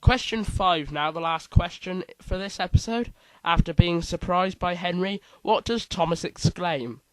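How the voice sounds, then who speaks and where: A man's voice: sits high, a little slow, a little hiss or hum, poor audio. A man hosting a casual quiz, reading out multiple-choice options with playful asides. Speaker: quiz host.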